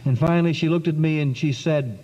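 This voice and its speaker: A man giving an earnest, dramatic spoken testimony to an audience, with long pauses and sudden swings in pitch. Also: mellow, husky. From South Carolina. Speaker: speaker giving a testimony talk. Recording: dull lo-fi 1990s recording in a long-echo hall.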